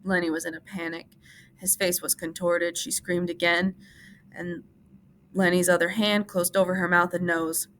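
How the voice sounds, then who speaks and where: A woman teacher reading a novel aloud to a class in a steady, measured narrating voice. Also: fairly low pitch, slight background noise. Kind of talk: audiobook-style reading for class.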